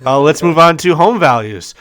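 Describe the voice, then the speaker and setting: Male podcast co-host, smooth clear voice, upbeat, reads figures and throws questions to his partner. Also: on the high side, animated, moderate pace, a bit bright. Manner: upbeat, reads market forecasts aloud and quizzes his partner. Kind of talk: casual podcast chat.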